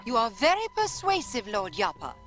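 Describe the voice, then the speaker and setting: Haughty anime warrior princess, swooping pitch, faint score. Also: female voice, wildly swooping pitch, normal speed, fairly bright tone, faint music behind. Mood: cool. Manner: smooth, politely condescending. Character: poised, condescending female warrior princess. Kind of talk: dubbed anime film dialogue.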